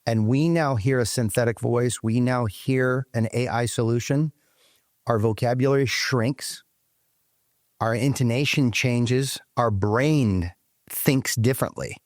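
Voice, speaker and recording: A man's voice: mid-range voice, a little slow. A man talks through his points as a guest in an interview, acting out little phone scenes as he goes. His voice sits in the middle range. The sound is dry, with no room echo. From United States. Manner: animated storyteller, acts out phone callers. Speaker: guest, company leader. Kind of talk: conversational interview.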